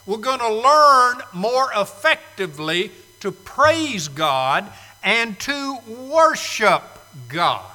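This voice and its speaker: A man's voice: high voice, sing-song, slow, sharp tone, big-room sound. A man preaching a sermon to a live congregation, emphatic and fond of repeating key phrases. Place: church sanctuary, live congregation.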